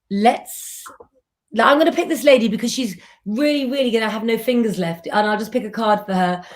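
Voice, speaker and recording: A woman hosting a live tarot reading, talking gently and affectionately in a rambling way. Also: fairly high pitch. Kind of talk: live streamed tarot reading, casual chat.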